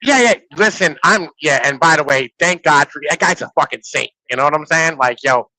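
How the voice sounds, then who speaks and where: A man in his thirties talking in a casual, animated and profane way on a podcast, often asking "you know what I'm saying". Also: a little high, fairly quick, dry recording, rough recording.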